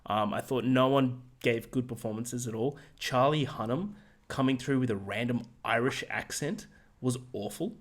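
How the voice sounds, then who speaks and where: Man, podcast co-host, casual film review, rambling, monotone, frequent fillers. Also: mid-range voice, moderate pace. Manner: rambling, many fillers and restarts; calls his voice monotone.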